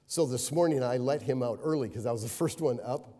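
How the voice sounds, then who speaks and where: A man's voice: medium pitch, fairly quick, dark tone. A middle-aged man preaching a sermon, hammering key words through repetition and breaking into anecdotes with a chuckle. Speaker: pastor. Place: church sanctuary. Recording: long reverberant hall.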